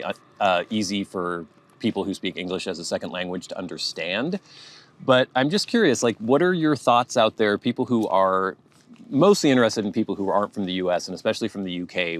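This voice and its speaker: A man with a Pacific Northwest American accent chatting casually to camera, thinking aloud in a flat, low-affect way. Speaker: vlogger.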